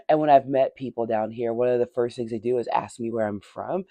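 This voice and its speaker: With a warm, extremely low voice at an ordinary speed, this Tennessee woman chats in her Southern accent while painting miniatures. The hobby vlog is casual; she laughs a lot and mutters and whispers as she goes, and the recording is dry.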